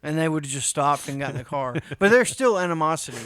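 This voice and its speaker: Animated, foul-mouthed podcast co-host man. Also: on the high side, quick pace, clear, resonant tone, no room sound, studio quality. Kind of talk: casual podcast banter.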